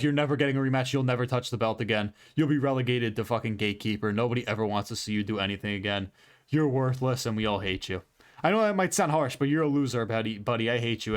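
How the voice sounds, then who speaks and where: A young man talks through a card of fights in a loose, unscripted way. He is blunt and swears freely, jumping between excitement and jabs, and his voice comes across smooth and clear. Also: mid-range voice. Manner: blunt and profane, animated rambling. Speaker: fight recap host. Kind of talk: casual fight recap commentary.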